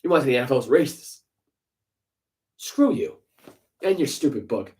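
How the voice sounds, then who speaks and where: A man's voice: medium pitch, lively intonation, rapid-fire, darkish tone, low-quality recording. A man co-hosting a sports podcast, ranting heatedly with profanity and sarcastic rhetorical questions. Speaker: podcast co-host. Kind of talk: casual sports podcast rant.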